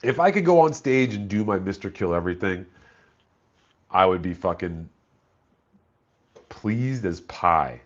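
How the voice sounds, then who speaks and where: A man's voice: low-pitched, lively intonation, unhurried, pauses often, muffled recording. A man chatting casually on a live stream, laid-back and profane, reading chat messages aloud.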